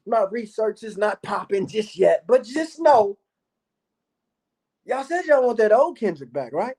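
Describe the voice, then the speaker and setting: A man's voice: high voice, sing-song, unhurried, darkish tone. Brash, swearing man hyping up his channel. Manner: boastful, repetitive, swears a lot. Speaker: YouTube commentator. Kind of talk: profane hyped-up monologue to viewers.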